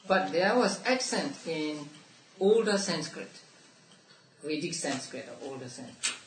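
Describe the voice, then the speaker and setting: A man teaching a Buddhist text to a study class, explaining slowly with restarts and soft laughs. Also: a little high, animated. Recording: roomy, distant mic, faint room noise.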